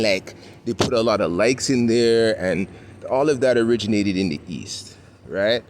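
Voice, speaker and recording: A man's voice: on the low side, animated, a little slow. A man from Toronto with a Toronto accent, talking in a laid-back slang-filled way while walking, with lots of "you know what I'm saying". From Toronto, Canada. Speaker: vlogger. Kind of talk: casual walking vlog rant. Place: outdoors on a city street. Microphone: handheld camera while walking. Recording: street noise from passing vehicles. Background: traffic and street ambience.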